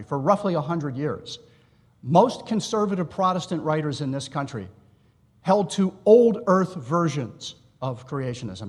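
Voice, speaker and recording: A man's voice: fairly high pitch, a little mellow, slightly rough. Man lecturing in an echoing hall. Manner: measured, explanatory, with asides to the audience. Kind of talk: academic lecture. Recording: long reverb in a hall.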